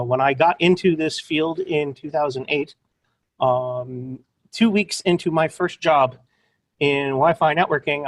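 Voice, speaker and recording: A man presenting a webinar in a playful, upbeat, joking way. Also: medium pitch.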